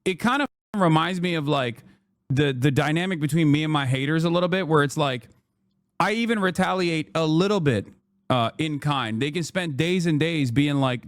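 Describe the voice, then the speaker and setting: A man's voice: on the high side, normal speed, no room sound, studio quality. Ranting male streamer, sarcastic and profane. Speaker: political streamer. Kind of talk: casual reaction commentary.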